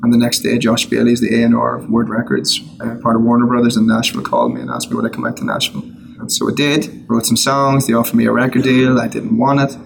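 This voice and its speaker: A middle-aged Irish man, a songwriter, telling his personal story in a casual interview, earnest with quick asides and restarts. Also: mid-range voice, animated, gravelly, noisy background. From Ireland. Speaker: guest, worship songwriter.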